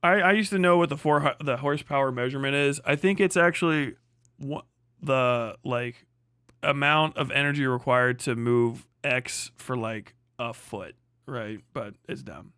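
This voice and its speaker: A man's voice: mid-range voice, moderate pace, clean tone, no room sound, studio quality. A man hosting a livestream, ranting and mocking with constant swearing. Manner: swearing heavily, mocking, animated. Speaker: livestream host. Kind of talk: profane livestream rant.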